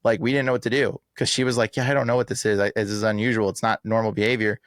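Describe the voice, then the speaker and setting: A man talking in a casual podcast interview, emphatic and animated, full of slang like "bro" and "like". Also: fairly low pitch, very fast, dry recording, studio quality. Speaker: exorcist guest.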